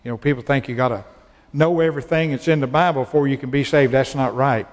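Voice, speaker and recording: A man's voice: mid-range voice, fairly even intonation, quick pace, in a large hall. A male pastor preaching a sermon in a folksy way, repeating phrases for emphasis.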